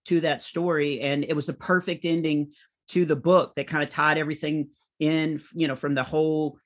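Middle-aged male comedian, lively anecdotal delivery, slightly high-pitched voice. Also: moderate pace. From United States. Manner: animated anecdotal storytelling. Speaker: comedian and author guest. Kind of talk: conversational interview.

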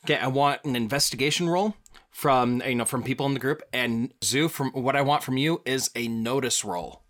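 A man's voice: medium pitch, moderate pace, a bit bright. A man acting as game master, narrating a tabletop role-play with many fillers and frequent laughs.

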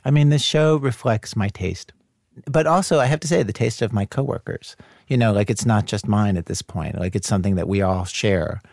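A man being interviewed, talking fast and casually with laughs and lots of "like" and "you know.". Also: fairly low pitch, creaky, a little mellow, dry recording, studio quality. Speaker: radio host as guest.

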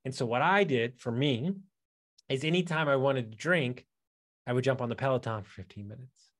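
A man's voice: medium pitch, normal speed. A man hosting a podcast, chatting casually and retelling a personal story with lots of restarts and asides. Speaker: podcast host. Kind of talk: casual interview chat.

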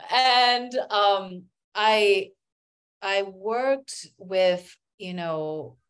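A woman's voice: medium pitch, drawn-out words, clear, resonant tone. A woman working as an acupuncturist and healer, telling stories as a guest in a casual interview, with many "you know" fillers.

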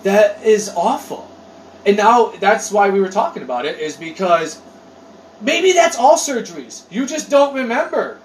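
A high-pitched man talks with a lively, swooping delivery, full of swearing and rambling asides. He is a bit far from the mic in a roomy space. A faint background noise sits under his voice. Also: measured pace. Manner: animated, profane, rambling storyteller. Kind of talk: casual chat.

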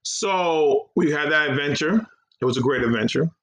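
A man's voice: a little high, moderate pace. A man, co-hosting a casual podcast and telling stories animatedly, acting out the people he quotes. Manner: animated storytelling, acting out quotes with loud outbursts. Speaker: podcast co-host. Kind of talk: casual chat.

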